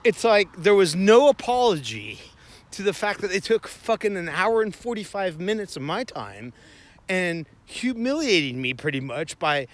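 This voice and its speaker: A man's voice: sits high, sing-song, moderate pace. A man streaming in a heated, rambling, profane rant about his day. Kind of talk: ranting casual storytelling.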